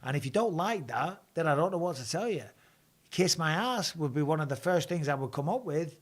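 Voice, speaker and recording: A man's voice: a little high, lively intonation, brisk. A man hosting a live stream from home, chatting casually in a blunt, jokey way.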